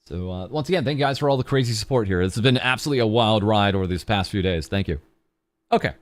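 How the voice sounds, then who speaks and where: A man's voice: on the low side, fast talker, no room sound, studio quality. A young man streaming as a VTuber, chatting casually and rambling with a self-mocking, filler-heavy way of talking. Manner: rambling, self-mocking, with lots of ums and uhs. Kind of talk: casual charity livestream chat.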